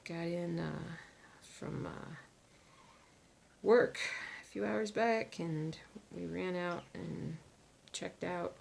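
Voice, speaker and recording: A woman chatting casually to viewers while she stitches. She sounds tired, talks to herself, and drops into soft muttered asides. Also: on the low side, fairly even intonation, very slow, vocal fry, a little hiss or hum. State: tired and yawning. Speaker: crafting vlogger.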